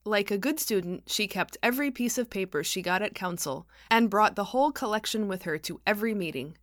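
A woman's voice: medium pitch, expressive, brisk, a bit bright, dry recording. A woman narrating her own novel as an audiobook, with a wry, dry delivery.

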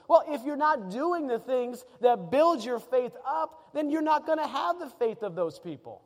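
A man's voice: very high voice, lively intonation, normal speed, hardly any pauses. A man, a pastor, preaching a sermon in a conversational, emphatic way, piling up repeated phrases. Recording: long hall reverb.

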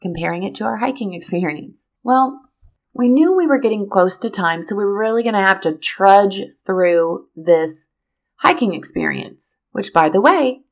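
A middle-aged woman telling a personal story to teachers, animated and speaking straight to her listeners. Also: medium pitch. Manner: animated, addresses listeners directly.

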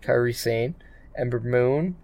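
A man co-hosting a casual podcast about wrestling. He talks at a middling pitch and rambles, piling up fillers and restarting his sentences as he works through each thought. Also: takes it slowly, darkish tone. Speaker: podcast co-host.

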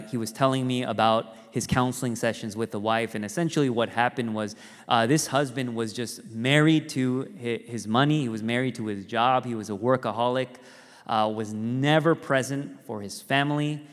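A pastor giving a conversational sermon, telling stories with animated rises and quiet, earnest drops. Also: male voice, mid-range voice. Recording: reverberant hall.

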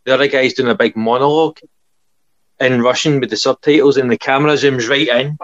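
A man's voice: mid-range voice, fairly even intonation, brisk, fairly bright tone, dry recording. A man, chatting eagerly about films he loves. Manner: enthusiastic, laughs often, says aye. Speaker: podcast co-host. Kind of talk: casual chat. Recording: dull lo-fi dry sound.

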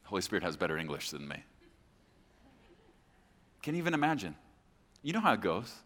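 A man preaching a sermon as pastor on a church stage, emphatic, swinging between hushed and loud. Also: deep voice, sing-song, fairly quick. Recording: echoey hall with long reverb.

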